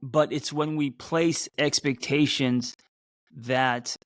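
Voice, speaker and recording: A man who hosts as a therapist, talking loosely to a live audience, with many fillers and restarts, and a voice that sometimes jumps up high. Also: steady tone, takes it slowly, no room sound, studio quality. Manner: voice jumps up in pitch at times. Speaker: therapist and podcast host. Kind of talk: casual live-stream talk.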